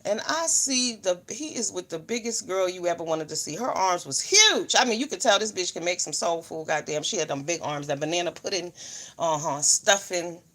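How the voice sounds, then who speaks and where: A woman's voice: lowish voice, moderate pace. Brash woman livestream host, cussing freely through long stories. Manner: loud, profane, animated storytelling, greets viewers mid-story. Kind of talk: casual storytelling livestream.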